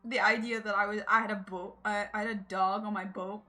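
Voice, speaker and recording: A woman's voice: mid-range voice, little pitch movement, brisk, bright, forceful tone, roomy sound. A woman streamer chatting casually while playing a game, reading dialogue aloud and laughing often.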